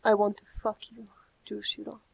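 A woman reading a story aloud, voicing an intense young man in a breathy near-whisper. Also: mid-range voice, monotone, slow pace, a little mellow, low-quality recording. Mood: hushed intense.

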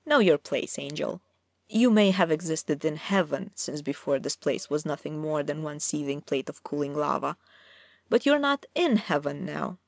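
Woman doing a mocking male trickster god, low gravelly voice, sly and menacing. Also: expressive, normal speed, no echo, clean studio sound, heavily acted. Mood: taunting. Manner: mocking, amiable then low and dangerous.

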